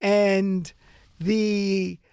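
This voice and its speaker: A man hosting a casual comedy panel chat, joking and quick to laugh. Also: high voice, level tone, darkish tone, clear, resonant tone, dry recording, clean studio sound. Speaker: talk show host.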